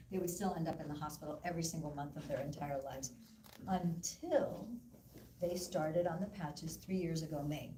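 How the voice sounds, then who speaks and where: A woman presenting at a live wellness event, telling a story to an audience in an animated way and acting out the voices of the people she quotes. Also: sits low, a little hiss or hum. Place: event room. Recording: echoey room, voice from far off.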